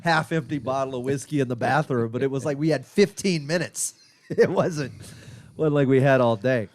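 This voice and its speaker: A man's voice: medium pitch, normal speed. A man co-hosting a podcast, telling rambling, profane stories in casual chat. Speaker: podcast co-host, comedian. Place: podcast studio.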